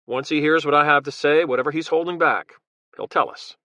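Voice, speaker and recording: A man's voice: fairly high pitch, steady tone, fairly quick, bright, forceful tone, no room sound, muffled recording, pitched above the performer's own voice. A man voicing an intense American former Marine leader who speaks bluntly and earnestly.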